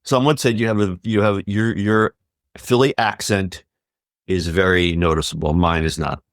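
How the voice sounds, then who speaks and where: Low-voiced man hosting a podcast. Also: steady tone, moderate pace, no room sound, studio quality. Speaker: podcast host. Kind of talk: casual chat and reading news items.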